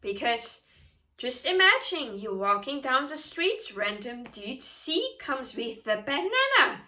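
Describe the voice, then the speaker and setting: Slow, bright-voiced woman tarot reader. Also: high-pitched. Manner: animated and emphatic, laughs often. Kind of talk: casual vlog advice.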